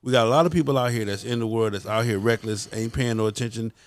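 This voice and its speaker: Fast-talking host. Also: male voice, mid-range voice. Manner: hype, affirming interjections. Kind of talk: casual interview chat.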